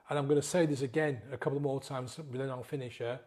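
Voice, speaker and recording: A man's voice: mid-range voice, fast, few pauses, a little mellow. A male sobriety coach giving an earnest, pleading motivational talk to camera, close to tears and often checking in with "yeah?". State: emotional, near tears.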